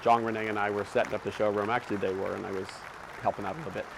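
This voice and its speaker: A man's voice: lowish voice, little pitch movement, rapid-fire, creaky, a crowd in the background, noisy background. A man hosting a casual product showcase in a showroom, gushing with enthusiasm and piling on superlatives as he walks around. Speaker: host showing his decor collection.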